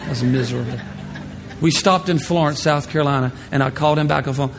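A man pastor telling a personal story in a sermon, animated, swinging from hushed to loud. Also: a little high, fast. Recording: echoey hall with faint music.

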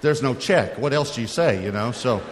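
A man's voice: medium pitch, lively intonation, normal speed, a little hiss or hum. A middle-aged man and pastor telling a personal story in a sermon, talking conversationally with frequent restarts. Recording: long reverb of a large hall.

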